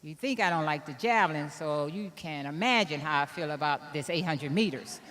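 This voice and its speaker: A woman in her fifties from Illinois giving a keynote speech, telling a personal story in an animated way and laughing at herself. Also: low voice, normal speed, big-room sound, noisy background. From Illinois, USA. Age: 50s. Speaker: keynote speaker.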